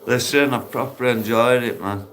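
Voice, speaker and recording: A man's voice: medium pitch, moderate pace, a bit bright, slight background noise. Guy live streaming on his phone in a park, blunt and sweary, calls everyone mate. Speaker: livestream host. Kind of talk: casual live-stream chat with viewers. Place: outdoors in a park.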